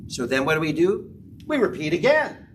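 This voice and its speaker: A man preaching a sermon as pastor, with dramatic swings in pitch and loudness and emphatic repetition. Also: sing-song, normal speed. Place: church sanctuary. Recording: distant mic with background noise.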